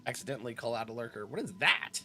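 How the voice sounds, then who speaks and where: A man chatting casually with viewers while streaming a game, laughing often and clearing his throat. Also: medium pitch, lively intonation, fast talker, pushed and bright, faint music behind. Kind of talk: casual live-stream chat.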